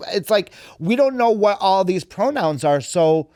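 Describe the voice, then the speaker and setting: A man hosting a podcast in casual, profane, animated chat, speaking into a close studio mic. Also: high-pitched, a little slow, few pauses, no echo. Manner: animated, profane, lots of fillers. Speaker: podcast host.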